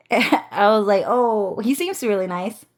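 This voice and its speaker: A woman talking straight to her viewers in a loose storytime vlog. She rambles, swears freely and keeps breaking into laughter. She often stumbles and restarts her sentences as she goes. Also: medium pitch. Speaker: vlogger.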